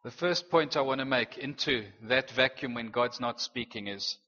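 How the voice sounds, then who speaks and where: A man's voice: mid-range voice, moderate pace, pushed and bright. Earnest male pastor preaching in a reverberant hall. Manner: earnest, dramatic scripture reading with rising intensity. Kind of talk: sermon. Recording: dull lo-fi audio in a reverberant hall.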